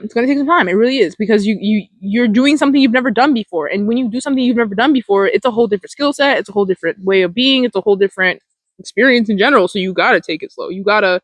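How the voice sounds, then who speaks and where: A woman's voice: mid-range voice, very fast, no echo, low-quality recording. Casual, rambling woman mindfulness host. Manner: rambling, full of "like" fillers and casual swearing. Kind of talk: casual motivational talk.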